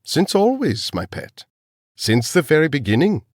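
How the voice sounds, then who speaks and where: A man voicing a cold, menacing elderly male villain scientist, speaking slowly and calmly. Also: a little high, no room sound, clean studio sound, voice pushed up, heavily acted. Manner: calm, menacing, slow.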